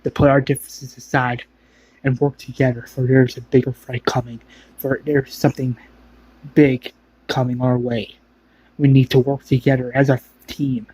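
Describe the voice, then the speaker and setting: A man's voice: medium pitch, flat delivery, moderate pace, darkish tone, breathy edge. A man casually retelling a fan-made survival story, with loose, rambling narration.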